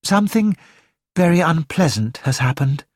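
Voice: medium pitch, very animated, moderate pace, a little mellow, slightly rough, dry recording, clean studio sound. A reader voicing firm hostel matron Mrs Hubbard. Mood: serious. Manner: firm, serious. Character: middle-aged woman running a student hostel, firm. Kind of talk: audiobook character voice.

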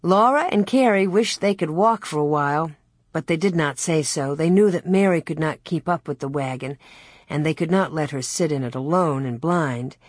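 A woman narrating a children's novel as an audiobook in a steady, unhurried way. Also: low voice, breathy edge, no room sound, clean studio sound.

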